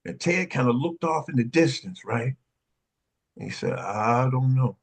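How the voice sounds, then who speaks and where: A man, excitedly telling stories on a panel and acting out the voices of the people in them. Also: medium pitch, moderate pace, creaky, slightly rough. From Oakland, California. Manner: excitable, acts out quoted voices, street slang. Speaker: panel guest, dance pioneer. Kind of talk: animated storytelling in a panel conversation.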